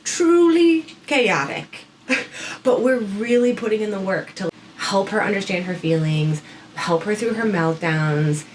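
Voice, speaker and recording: On a parenting podcast, a female co-host in her thirties speaks at a measured pace in a mid-range voice. Her casual, chatty stories about her kids include quoted voices, and the low-quality recording carries faint background noise.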